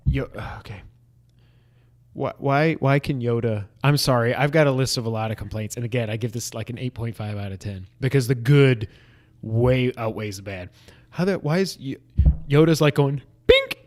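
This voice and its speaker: Man, podcast co-host, casual review chat, animated, ranting complaints, mid-range voice. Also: mid-range voice, moderate pace. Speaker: video game podcast co-host.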